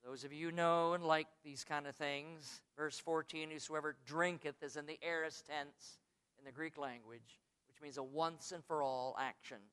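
American preacher guy, high bright voice, goes soft then shouts. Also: steady tone, moderate pace, clean tone. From United States. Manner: swings from soft asides to shouted high emphasis. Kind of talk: sermon.

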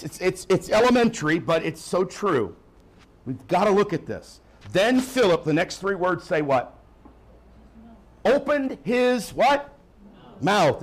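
A man preaching a sermon in church, swinging from emphatic calls to quiet, joking asides. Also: fairly high pitch. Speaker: pastor.

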